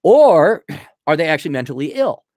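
A young man hosting a livestream, reading out donations and giving blunt, crude opinions, swinging from loud outbursts to low mumbling. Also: very animated, normal speed, dry recording. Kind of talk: casual opinionated monologue.

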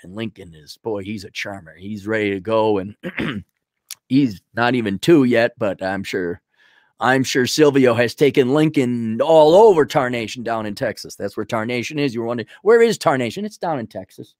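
A middle-aged man giving rambling, folksy advice to a listener in a casual monologue, with sudden loud swings as he tells stories. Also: medium pitch, moderate pace, dry recording, clean studio sound. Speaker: advice host answering a listener.

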